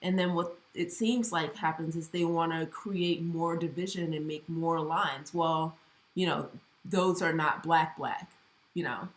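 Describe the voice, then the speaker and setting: Co-host, woman from Honduras, lively and chatty, low voice, echoey room. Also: unhurried. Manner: animated, acts out what others say. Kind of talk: casual conversation.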